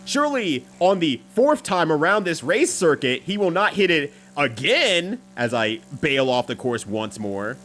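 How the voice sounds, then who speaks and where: A man's voice: fairly high pitch, big pitch swings, a little slow, hardly any pauses, a bit bright, slight background noise. A young man streaming a racing game, chatting casually with viewers, swearing freely and laughing often.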